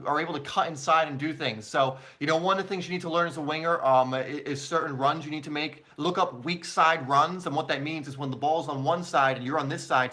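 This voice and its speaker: A man's voice: a little high, pushed and bright. A young man hosting a live question-and-answer stream, chatty and casual, with lots of fillers and laughs. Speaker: soccer channel host.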